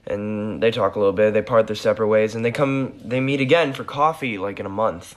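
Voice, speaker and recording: A man's voice: lowish voice, brisk. A man telling a long joke in a laid-back, dry storytelling manner. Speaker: joke teller.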